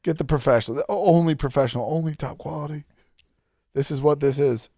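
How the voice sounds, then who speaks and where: A man's voice: fairly high pitch, fast talker, dark tone, no room sound. A man hosting a podcast in casual banter, swearing a lot and joking boastfully, in a studio. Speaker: podcast host.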